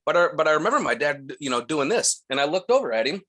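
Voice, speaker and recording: Bright-voiced man telling stories. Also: on the high side, fast. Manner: animated, acts out quoted voices. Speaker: guest. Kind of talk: casual storytelling.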